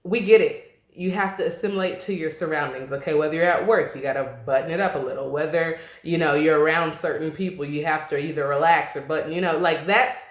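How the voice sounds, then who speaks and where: A woman's voice: sits low, brisk. Chatty East Coast woman, roomy echo. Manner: chatty, animated, laughs often, slangy asides. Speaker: vlogger. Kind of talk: casual to-camera chat.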